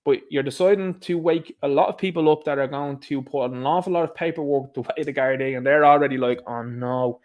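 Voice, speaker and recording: A man's voice: on the high side, quick pace, hardly any pauses, lo-fi sound. Ranting Irish man on a livestream. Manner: emphatic, ranting, talks straight to viewers. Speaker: livestream host. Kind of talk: opinionated livestream commentary reading viewer chat.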